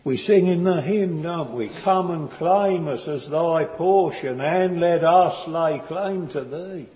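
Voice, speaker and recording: Slow, mellow-voiced man preaching in a reverberant church. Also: fairly high pitch. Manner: slow, earnest, tender preaching with hesitant restarts. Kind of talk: sermon. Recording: long hall reverb.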